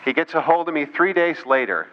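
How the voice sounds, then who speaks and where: On a dull lo-fi recording with a faint hiss, a political speaker with a fairly high, expressive voice talks briskly. Addressing an audience, he tells a story filled with quoted voices and mocking asides.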